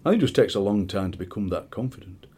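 A middle-aged man with a Barnsley accent, a poet chatting in an interview and reading his poems, lively and fond of doing voices. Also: on the low side, fast, husky. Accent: Barnsley, South Yorkshire. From South Yorkshire, England. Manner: animated storyteller, slips into quoted voices. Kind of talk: conversational interview with poetry reading.

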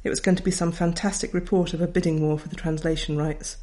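A woman's voice: fairly low pitch, level tone, fast talker, dark tone. Writer lady reading her memoir, wry and thoughtful, middle aged. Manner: wry, reflective storytelling. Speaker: author. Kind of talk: reading a personal memoir aloud.

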